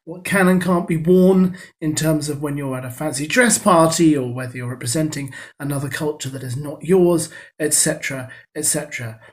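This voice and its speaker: A man giving casual spoken commentary on a TV clip, chatty and quick to get excited. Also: a little high. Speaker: video commentator.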